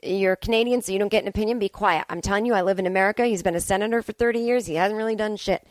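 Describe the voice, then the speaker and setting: A woman's voice: mid-range voice, racing, no echo. A woman hosting a podcast from home, talking in a casual comedic monologue as she reads listener emails and rants bluntly, swearing freely. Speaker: podcast host.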